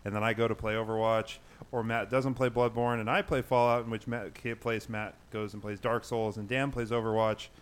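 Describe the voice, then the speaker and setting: A man's voice: fairly low pitch, level tone, fairly quick, smooth. A man hosting a casual podcast, chatting and rambling about video games with friends, laughing often. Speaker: podcast host. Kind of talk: casual gaming chat among friends.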